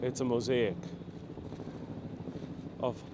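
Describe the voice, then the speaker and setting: Speaking very slowly at a medium pitch and with fairly even intonation, this New York City man leads a live outdoor walking tour. He talks with his viewers, reading their comments aloud and responding, while background noise is audible.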